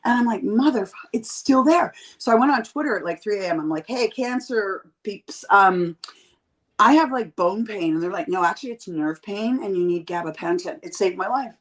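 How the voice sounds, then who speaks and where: A woman in her fifties chats with blunt, profane humor. She tells stories animatedly, jumping into quoted voices, and her voice sits in a middle pitch. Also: animated, normal speed, low-quality recording. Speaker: podcast guest. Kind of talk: candid casual chat.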